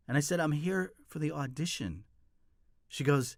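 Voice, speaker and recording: A young man telling a comic personal story, animated, swinging from hushed asides to loud outbursts. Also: fairly high pitch, normal speed, no room sound, studio quality.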